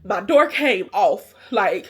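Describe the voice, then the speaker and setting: A woman vlogger telling a personal story to her viewers in a casual, animated, emotional way. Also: mid-range voice, slow pace, husky. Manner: animated, colloquial, emotional retelling.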